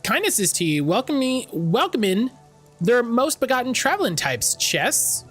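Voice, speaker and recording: A man's voice: very high voice, sing-song, normal speed, fairly bright tone, soft background music, voice pushed up, exaggerated voice. A man voicing an odd-spoken traveling woman customer in a put-on Scottish accent, with archaic, garbled phrasing. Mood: quaint.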